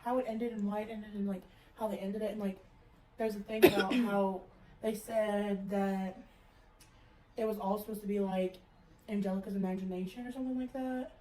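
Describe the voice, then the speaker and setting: A young woman chatting casually late at night with a friend, tired, self-deprecating and quick to laugh. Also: medium pitch, fairly even intonation, dark tone, echoey room. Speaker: friend of the vlogger.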